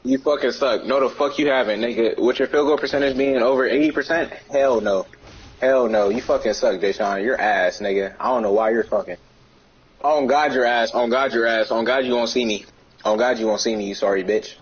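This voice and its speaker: A young man on a gaming voice chat, firing off profane, repetitive taunts at his friends. His voice is husky, and the headset sound is dull and lo-fi. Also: medium pitch, a little fast. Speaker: gamer streaming with friends. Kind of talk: trash-talking voice chat.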